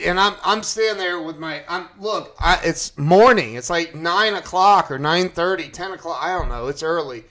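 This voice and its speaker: A man casually telling a personal story to his live chat, animated and acting out his own panic. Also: a little high, moderate pace, hardly any pauses.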